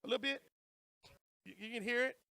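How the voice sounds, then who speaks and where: A man's voice: extremely high pitch, fairly quick, creaky, pushed and bright, no echo. A man with a New Orleans accent, emceeing a conference and joking playfully with the audience. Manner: playful, joking banter with the crowd. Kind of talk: hyping up a live audience.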